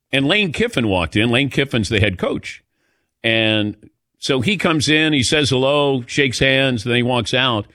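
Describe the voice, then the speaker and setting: An older man hosting a sports radio show, telling stories in a casual, animated way with chuckling asides. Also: medium pitch, no room sound, studio quality. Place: radio studio.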